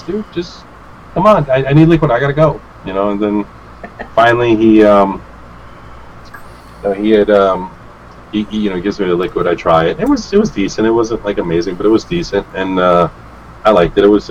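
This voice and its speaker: This vape reviewer, appearing as a guest, tells a meandering story in a loose, conversational way, his voice fairly low. He cuts in on others' lines, performs quotes animatedly, curses freely and laughs along. The sound is lo-fi, with a faint underlying hiss.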